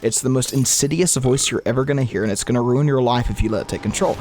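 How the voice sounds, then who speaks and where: A man's voice: mid-range voice, quick pace. A man in his twenties giving casual, rambling commentary while playing a game, often restarting his sentences and muttering gameplay remarks under his breath. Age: 20s. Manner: rambling, with frequent restarts and stumbles; switches between lively talk and muttered gameplay remarks. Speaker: gaming YouTuber. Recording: game gunfire and noise behind voice. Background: video game gunfire and zombie sounds.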